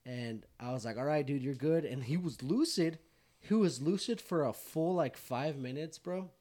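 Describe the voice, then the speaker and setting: A man's voice: a little high, moderate pace, mellow. A man casually telling a rowdy story to friends, swearing and laughing as he goes.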